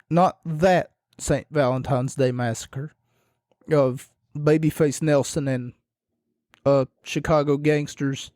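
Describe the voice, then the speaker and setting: A man with a raised pitch and a hoarse, frog-in-the-throat voice hosts a casual podcast. He talks in an unhurried, drawn-out way, rambling and making self-deprecating jokes. The recording is dry and close. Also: dark tone, no echo. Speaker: podcast host.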